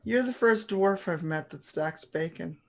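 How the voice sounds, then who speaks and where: A woman voicing a smooth, teasing male elf rogue in a tabletop game, with a sly, amused manner. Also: lowish voice, a little slow.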